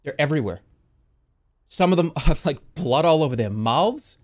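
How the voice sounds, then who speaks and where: A young man casually telling the story of a strange dream, rambling and swearing, with sudden loud panicked outbursts. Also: on the high side, animated, normal speed. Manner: rambling, swears a lot, restarts, jumps into loud panicked quotes.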